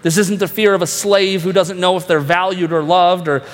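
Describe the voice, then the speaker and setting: Pastor, male, earnest sermon delivery with rhetorical questions, slightly high voice, reverberant hall. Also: steady tone, moderate pace.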